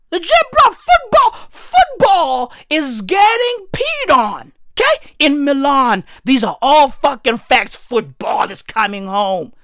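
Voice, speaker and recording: Young woman, South African accent, comedic rant, loud, profane, emphatic, high voice, very dry sound. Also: no room sound. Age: young adult.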